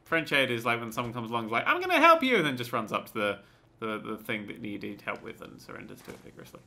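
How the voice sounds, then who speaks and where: A man's voice: on the low side, little pitch movement, quick pace, gravelly, bright, forceful tone. A man hosting a let's play, talking through the game with jokey, sweary, rambling asides. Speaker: gaming channel host.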